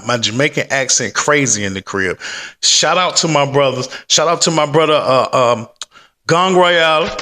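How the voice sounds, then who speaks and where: A man talks at his desk at home in a loose, rambling vlog, full of slang and easy fillers. His voice sits at an everyday pitch but rings with a bright, forward tone. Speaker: stock-market vlogger. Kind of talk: casual rambling vlog chat.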